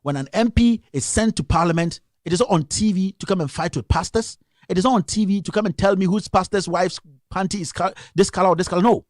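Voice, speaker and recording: A young Ghanaian man, a radio commentator with a Ghanaian accent, delivers an impassioned political rant on a live stream, firing off scolding rhetorical questions. He talks fast in a high voice with a darkish tone, and the studio sound is clean with no echo.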